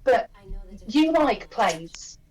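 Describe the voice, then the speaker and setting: A woman's voice: on the high side, sing-song, extremely slow, low-quality recording. A woman as a player in a tabletop game, talking persuasively in character. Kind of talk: casual in-character tabletop play.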